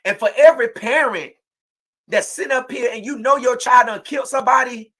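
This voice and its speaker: A woman host with a bright, sharp voice, speaking in fiery, preachy bursts. She often rises to a shout and then drops low and heavy. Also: a little fast. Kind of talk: impassioned livestream commentary.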